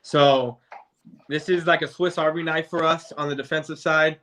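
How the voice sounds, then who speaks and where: Male fan guest, casual sports debate, somewhat high, sharp tone, rambling delivery with frequent restarts. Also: fairly even intonation, moderate pace, slight background noise. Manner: rambling, stumbles and restarts often.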